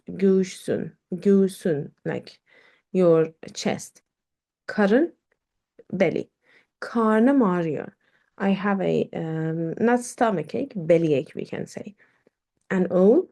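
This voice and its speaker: Woman teacher, slow and patient, lots of uhs, kinda dark mellow voice. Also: fairly low pitch, creaky. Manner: slow explaining with fillers and repeated words. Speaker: Turkish teacher. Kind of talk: online language lesson.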